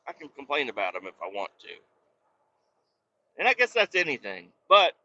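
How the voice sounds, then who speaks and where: Bright-voiced man rambling profanely. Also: a little high, big pitch swings, a little fast, muffled recording. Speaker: podcast host. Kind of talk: casual rambling chat. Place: inside a work truck cab.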